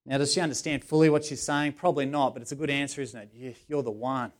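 A middle-aged man preaching a sermon in an earnest, conversational way, with sudden loud emphasis on key words. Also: a little high, fairly even intonation, racing. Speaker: pastor.

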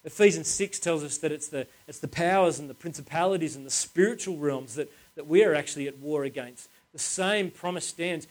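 A man's voice: fairly high pitch, fairly quick, few pauses. A man reading scripture aloud, then explaining it in a casual, earnest, conversational way. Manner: earnest, conversational, restarts often. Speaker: Bible teacher. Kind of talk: casual Bible teaching.

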